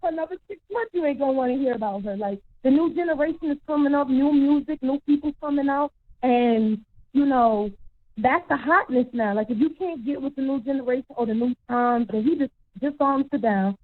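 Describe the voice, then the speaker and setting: Female caller, high voice, blunt and animated, dry tinny phone sound. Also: brisk, no room sound. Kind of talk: opinionated phone call.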